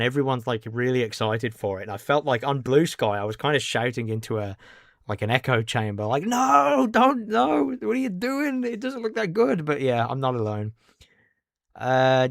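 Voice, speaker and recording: A man's voice: mid-range voice, a bit bright, no echo. A man chatting casually on a game livestream, rambling and answering his chat. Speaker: game streamer.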